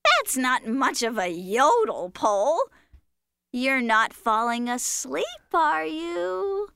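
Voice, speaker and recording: A woman's voice: high-pitched, big pitch swings, slow pace, creaky, pushed and bright, clean tone, heavily acted. A woman voicing a patient, playful cartoon critter who tells a bedtime story in a sing-song, coaxing manner. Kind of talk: children's cartoon voice acting.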